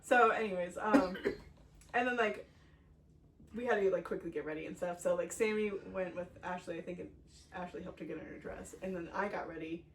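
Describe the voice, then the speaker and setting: A woman's voice: on the low side, fairly quick. A woman co-hosting a podcast, telling a story in casual chat and filling it with "like.". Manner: chatty storytelling, full of "like". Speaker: podcast co-host. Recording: distant mic with faint background noise.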